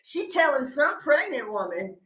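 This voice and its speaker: Lively, high-voiced woman reading tarot. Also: normal speed, echoey room, heavy background noise. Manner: animated and joking, laughs often, slips into comic voices. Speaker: tarot reader. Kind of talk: casual tarot reading to camera.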